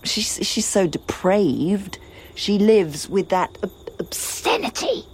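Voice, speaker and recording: A woman playing a grieving, defiant young princess in a classical drama, with a breathy voice and impassioned lament. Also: mid-range voice, very animated, darkish tone, heavily acted. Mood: bitter. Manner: impassioned lament, slow and swinging.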